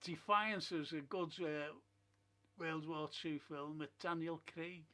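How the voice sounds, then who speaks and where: A man's voice: a little high, fairly even intonation, slow pace, sharp tone. A man hosting a film and TV review stream, telling stories and giving blunt opinions in casual chat. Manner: chatty storyteller, blunt opinions. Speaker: host of a film and TV review show. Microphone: streaming setup.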